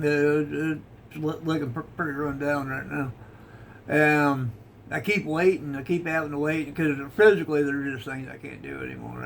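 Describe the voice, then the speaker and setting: A man's voice: on the high side, gravelly, slight background noise. A middle-aged man giving a folksy, rambling devotional talk, chuckling at himself. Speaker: online devotional host.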